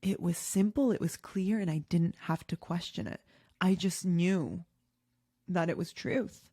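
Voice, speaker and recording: A woman's voice: lowish voice, measured pace, mellow, husky, dry recording, clean studio sound. A woman in her thirties, a podcast host, candidly recounting a personal experience with many fillers and emotional moments. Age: 30s. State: tearful at times. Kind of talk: personal storytelling.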